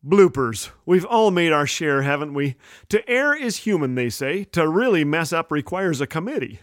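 A man's voice: a little high, big pitch swings, moderate pace, fairly bright tone, no echo, clean studio sound. A middle-aged man hosting a humorous radio devotional, playful and self-mocking, chuckling at his own slips of the tongue. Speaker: radio host.

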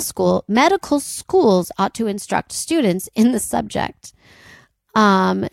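A woman's voice: medium pitch, vocal fry, no room sound. A woman co-hosting a casual history podcast, telling the story from her notes with wry, amused asides. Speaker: podcast co-host.

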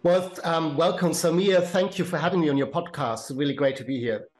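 A middle-aged man with a German accent, a career and life coach being interviewed on a podcast, explaining in a measured way with some hesitant fillers. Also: on the high side, a little mellow, soft background music.

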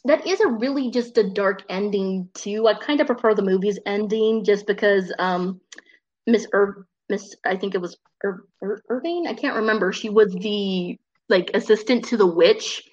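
A woman casually talking about a movie with a co-host, animated and quick to act out quoted lines in high voices. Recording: muffled lo-fi audio.

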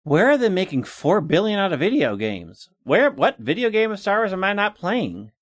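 A man's voice: high-pitched, huge pitch swings, moderate pace, no echo. A man co-hosting a casual podcast, joking in a wry, mock-offended way. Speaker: podcast co-host. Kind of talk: casual chat.

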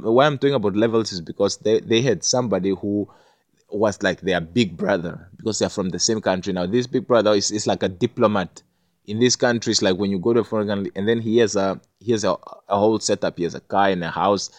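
His pitch is fairly low and he talks a little fast, with no room sound audible. The man, not from Jamaica, loosely rambles through a casual personal story, restarting often and filling gaps with fillers.

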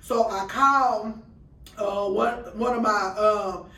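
Animated woman telling a story, roomy sound. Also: medium pitch, slow pace, recorded from a distance. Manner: animated, acts out dialogue in quoted voices. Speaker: guest, food truck owner. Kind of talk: storytelling in casual chat.

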